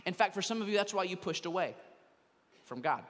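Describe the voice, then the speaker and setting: A man's voice: high-pitched, lively intonation, fairly quick, fairly bright tone, in a large hall. A man preaching a conversational sermon from a church stage, slipping into quoted voices of churchgoers. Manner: conversational, mimics people in quoted asides. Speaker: pastor. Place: church sanctuary, also streamed online.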